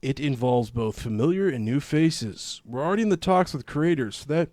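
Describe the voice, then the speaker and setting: A man co-hosting a gaming podcast in casual chat, reading headlines and riffing on them with jokes. His voice sits at an ordinary middle pitch. The sound is dry and close, with no room around it. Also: lively intonation, normal speed, darkish tone, no room sound. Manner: joking, reads headlines and riffs on them. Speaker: podcast co-host.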